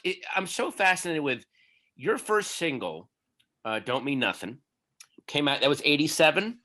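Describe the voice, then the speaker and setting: A man's voice: medium pitch, sharp tone. A man interviewing a guest onstage, chatty and eager, backing the guest up with frequent affirmations. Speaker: interviewer, comedian. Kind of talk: onstage conversation.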